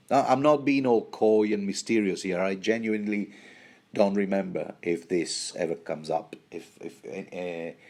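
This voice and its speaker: Slow-talking rambling commentary man. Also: on the low side, darkish tone. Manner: rambling, jokey, stumbles and restarts. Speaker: book commentary host.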